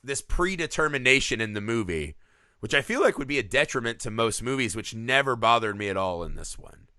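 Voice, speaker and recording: A man talking film on a podcast in a loose, profane way, his pitch swinging widely as he acts out bits of dialogue. His voice is very bright and forward, and the recording is close and dry with no room sound. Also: brisk, no room sound. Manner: animated, swears often, acts out characters' lines. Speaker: podcast co-host. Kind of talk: casual film discussion.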